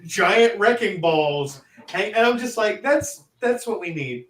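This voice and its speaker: A man co-hosting a casual movie podcast, excitable and rambling, laughing a lot, recorded in an echoey room away from the mic. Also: high-pitched, unhurried, recorded from a distance. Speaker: podcast co-host.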